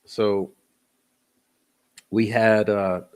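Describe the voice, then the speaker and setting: The speaker is a man hosting a relaxed livestream, drawing out his words in a fairly low, level voice. He reads chat names, says hello to viewers by name, and rambles with chuckles and fillers.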